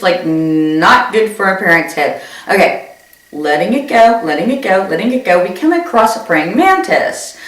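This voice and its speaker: A woman comedian tells a story on stage with a very lively voice that leaps up and down in pitch. She jumps into high squeals whenever she quotes someone. The sound is roomy and echoey, picked up from some distance. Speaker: stand-up comedian. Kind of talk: comic storytelling.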